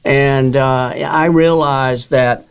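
A man's voice: mid-range voice, fairly even intonation, very slow, vocal fry, clean tone. An older man, a guest author, telling his own story in an interview and acting out the dialogue he quotes.

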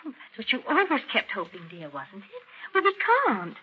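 A woman's voice: a little high, huge pitch swings, normal speed. An actress playing an emotional, pleading woman torn between two men, stammering in a 1940s radio acting style, on a dull, faintly hissy old radio recording.

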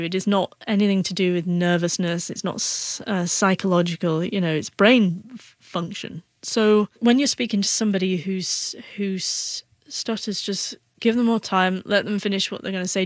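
A woman's voice: mid-range voice, no echo. A woman who stutters, answering questions as a guest author in a radio interview. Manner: speaks with a stutter, repeating first sounds.

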